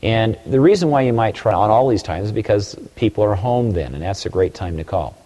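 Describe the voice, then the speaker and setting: A man's voice: on the low side, expressive, fairly quick, mellow, big-room sound. A man giving a recorded sales training talk, coaching emphatically and acting out phone-call examples.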